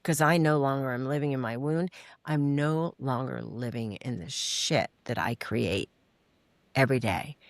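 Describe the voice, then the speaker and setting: A middle-aged woman, a guest in a podcast interview, telling frank stories with animated acted-out voices and casual swearing. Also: rumbling low, a little slow, dry recording. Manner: animated storytelling, acting out quoted voices. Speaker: guest, recovery mentor and author. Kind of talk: candid interview conversation.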